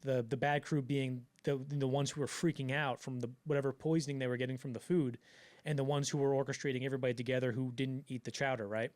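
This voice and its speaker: Fast-talking animated man telling a story. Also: mid-range voice. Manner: animated storyteller, acts out quotes with loud bursts; fast, loose, lots of fillers. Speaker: podcast co-host. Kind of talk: casual storytelling chat.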